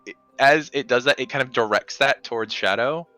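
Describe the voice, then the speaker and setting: A man's voice: medium pitch, brisk, sharp tone, soft background music, low-quality recording. A man narrating as dungeon master of a tabletop game, describing scenes with frequent ums and restarts. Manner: descriptive, hesitant with many ums.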